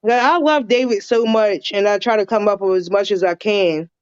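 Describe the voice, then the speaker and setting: A woman's voice: mid-range voice, normal speed, clear, resonant tone, dry recording. A woman guest chatting on a livestream, rambling and laughing easily over a computer mic at home. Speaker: guest, viewer. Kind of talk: casual livestream chat. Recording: dull lo-fi call audio.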